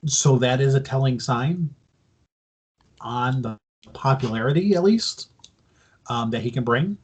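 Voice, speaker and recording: A man's voice: mid-range voice, measured pace, breathy edge. A man co-hosting a casual wrestling podcast, explaining news at length in a loose, profane way. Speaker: podcast co-host.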